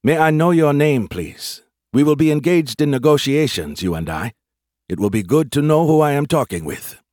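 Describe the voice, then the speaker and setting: A man voicing a calm, confident human general in an audiobook, courteous with a dry, taunting edge. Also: fairly high pitch, moderate pace, dry recording, pitched above the performer's own voice, lightly acted. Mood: courteous, firm. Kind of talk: audiobook character voice.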